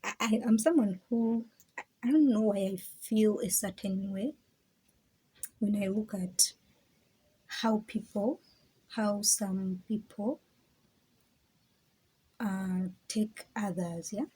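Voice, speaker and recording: A woman's voice: medium pitch, slow pace, long pauses, mellow, low-quality recording. A woman talking casually and reflectively to her viewers, rambling, stammering, laughing often and dropping into whispers. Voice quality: very breathy, husky. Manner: drops into whispers. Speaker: vlogger.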